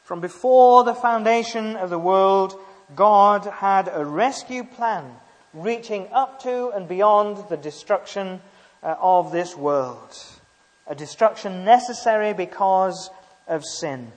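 Male preacher with a high voice, emphatic with tag questions, recorded in an echoing hall. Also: takes it slowly. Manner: emphatic, rhetorical tag questions, frequent hesitations. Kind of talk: sermon.

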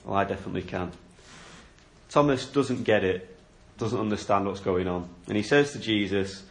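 A man's voice: fairly low pitch, normal speed. A man preaching a sermon, explaining a Bible passage in an earnest, questioning way. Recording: echoey room.

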